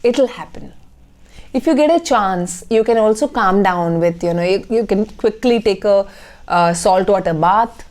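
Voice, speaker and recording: A woman's voice: medium pitch, measured pace, darkish tone. A woman, speaking as a life coach in a motivational talk to camera and checking in often with "okay?".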